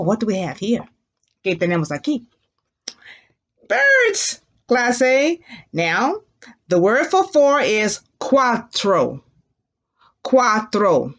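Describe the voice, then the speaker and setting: A woman's voice: medium pitch, dull audio. A woman teacher leading young children through a language lesson, with sing-song call-and-repeat drills and playful animal sounds.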